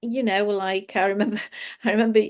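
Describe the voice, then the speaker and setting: A woman's voice: mid-range voice, flat delivery, a little fast. A woman giving a casual, reflective spiritual talk, laughing often as she explains. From England. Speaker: spiritual teacher.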